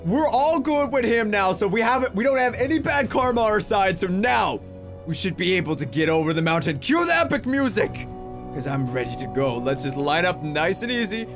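A young man with a very high voice narrates his own gameplay, venting frustration and exclaiming as he goes. Soft music plays faintly behind him. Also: big pitch swings, fairly quick. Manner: frustrated, exclaiming, rambling self-talk. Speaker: gaming YouTuber. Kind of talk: let's play commentary.

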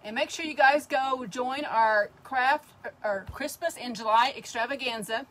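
A woman's voice: sits high, a little slow, a bit bright. A woman hosting a casual crafting livestream, chatting and greeting viewers by name as she works.

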